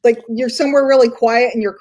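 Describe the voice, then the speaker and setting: A woman's voice: fairly high pitch, fairly even intonation, fast talker, darkish tone. A woman hosting a casual live stream, chatty and giggly, talking as she works on screen. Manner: chatty, giggly, self-deprecating. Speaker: host. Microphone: computer mic, screen sharing.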